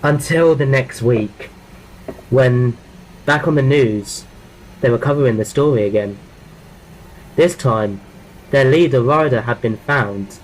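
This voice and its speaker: A man of ordinary pitch narrates a horror story in the first person. He reads plainly, tripping over words and repeating phrases as he goes. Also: takes it slowly, long pauses, a little hiss or hum, rough recording. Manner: plain reading with frequent restarts.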